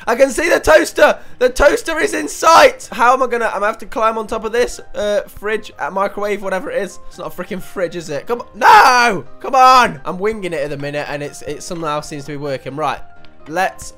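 A young man commentating a video game, panicking and shouting one moment, muttering to himself the next. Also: high-pitched, a little fast, faint music behind. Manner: shouty, panicky, swings between yelling and muttering. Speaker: gaming YouTuber. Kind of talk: excitable let's play commentary.

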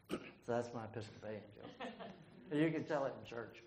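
A man hosts a leadership forum, telling a joke at an easy storytelling pace and then introducing the next speaker. He fills pauses with uh and clears his throat now and then. His voice sits at an average pitch and carries a noticeable room echo. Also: a little mellow. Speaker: forum moderator. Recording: echoey room with faint noise.

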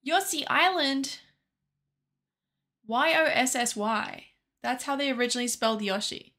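High bright-voiced woman streamer. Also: unhurried. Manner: chatty, swears freely, talks to her chat. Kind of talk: casual live-stream chat while gaming.

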